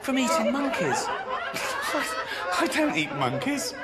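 Crude comic, lively delivery, loud laughing crowd, noisy. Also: male voice, very high voice, slow, full character voice. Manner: crude punchlines, acting out both sides of a joke. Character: crude male stand-up comic on in-game TV. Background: audience laughter.

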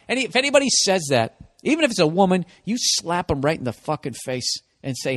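A man's voice: sing-song, brisk, few pauses, dry recording, clean studio sound. Profane sardonic middle-aged man ranting. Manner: profane, sardonic, swings between low mutters and loud outbursts. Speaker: podcast host. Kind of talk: comedic monologue rant.

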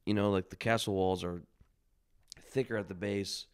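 A man co-hosting a podcast, chatting in a relaxed, rambling way and swearing freely. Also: lowish voice, moderate pace, clean tone. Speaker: podcast co-host. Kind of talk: casual podcast chat.

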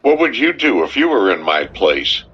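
A nervous small-town sheriff begs for advice in a raised, strained voice, as a male narrator puts him on. He sounds husky and bright, the recording dull with faint music behind. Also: fairly low pitch, big pitch swings, normal speed, voice pushed up, exaggerated voice. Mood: pleading. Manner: pleading, fretful.

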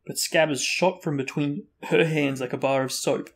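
Guy reading a novel out loud, kinda higher voice, lively. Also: moderate pace. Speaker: reader and host.

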